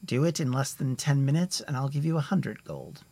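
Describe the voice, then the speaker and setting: A man's voice: mid-range voice, big pitch swings, normal speed, gravelly, warm tone, pitched above the performer's own voice. A man voicing a cocky male character who lazily offers bets of gold with a smug, challenging manner.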